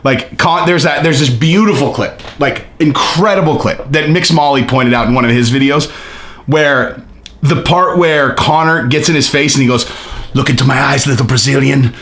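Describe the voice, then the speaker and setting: Dude riffing on his channel, super animated, swears a lot, lots of likes and you knows. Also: fairly high pitch, moderate pace. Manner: animated, swearing, filler-heavy. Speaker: host. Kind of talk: casual commentary.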